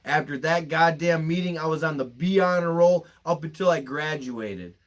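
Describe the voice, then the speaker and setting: Young guy podcast host, kinda high voice, emotional and emphatic, swears a lot. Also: moderate pace. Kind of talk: candid podcast storytelling.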